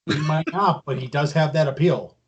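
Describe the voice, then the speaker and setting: Husky, blunt man in podcast banter. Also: a little high, moderate pace, highs cut off. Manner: blunt, swears casually. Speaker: podcast co-host. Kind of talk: casual wrestling chat.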